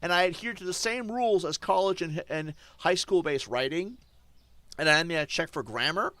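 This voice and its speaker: A male streamer ranting defiantly to his chat, swinging between loud outbursts and low muttering. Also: expressive, normal speed, no echo. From German. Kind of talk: casual stream rant.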